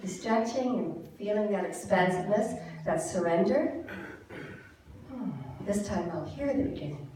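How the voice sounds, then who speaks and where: A woman leading a church congregation through breathing and a song, speaking in gentle, encouraging, unhurried instructions. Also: medium pitch, expressive, crowd noise. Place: church sanctuary with live audience. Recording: very echoey room, mic far off, music behind.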